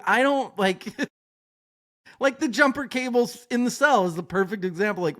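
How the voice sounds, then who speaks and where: Animated jokey podcast host. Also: medium pitch, normal speed. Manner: animated, jokey, laughs often. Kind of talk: casual chat.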